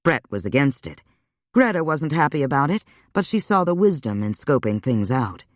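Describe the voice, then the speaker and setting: A man's voice: medium pitch, dry recording. Man narrating a romance audiobook, dry. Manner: even, measured storytelling. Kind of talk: scripted narration.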